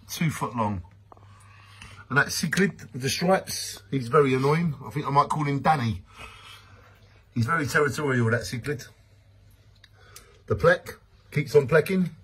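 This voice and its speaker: A man's voice: on the high side, a bit bright, breathy edge. A man vlogging about his home fish tank in a playful, mock-grand way, humming a theme tune between lines. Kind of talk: playful home video commentary.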